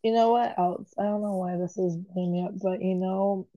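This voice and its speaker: A woman's voice: mid-range voice, fairly even intonation, normal speed, mellow, no echo, muffled recording. A woman in casual chat, blunt and crude, laughing often.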